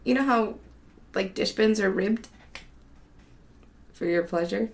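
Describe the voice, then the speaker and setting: A woman's voice: medium pitch, slow. A woman hosting her own show, talking casually at home, laughing often and swearing freely. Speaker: show host. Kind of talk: casual monologue chat.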